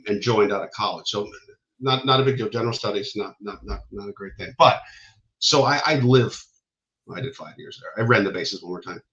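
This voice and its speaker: A man in his fifties from Michigan, a guest telling army stories in an animated way. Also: fairly low pitch, lo-fi sound. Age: 50s. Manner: animated storyteller, quick asides. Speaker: guest, retired army ranger. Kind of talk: casual interview storytelling.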